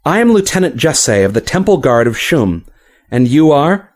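Brief: man reading proud, prickly woman officer, slow haughty delivery, lively pitch. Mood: curt. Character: proud scarred woman officer, fierce and touchy.

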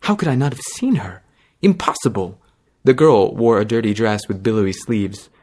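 A man narrating a fantasy story in a measured, dramatic reading. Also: on the low side, lively intonation, a little mellow.

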